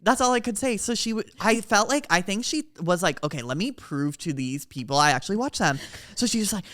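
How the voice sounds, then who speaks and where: A woman co-hosting a podcast, telling a story in casual chat, animated and excitable, swearing freely. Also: medium pitch, brisk, no room sound, clean studio sound. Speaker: podcast co-host.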